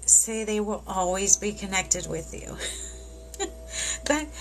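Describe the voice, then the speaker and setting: A woman doing a live tarot reading who speaks warmly and reassuringly and keeps tearing up. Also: medium pitch, steady tone, measured pace, soft background music. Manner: emotional, tearful, reassuring. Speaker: tarot reader.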